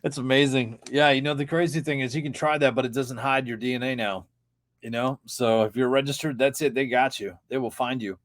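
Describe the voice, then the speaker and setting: A man's voice: mid-range voice, steady tone, a little fast, no echo. A man who works in voice-over, chatting as a podcast guest in an easygoing, joking way. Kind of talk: casual chat.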